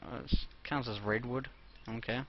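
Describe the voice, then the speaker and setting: A man's voice: medium pitch, fairly even intonation, moderate pace. A young man hosting a let's play, rambling casually and talking to himself as he plays. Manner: rambling, talks to himself while playing. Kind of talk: casual gameplay commentary. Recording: dull lo-fi mic with clear noise.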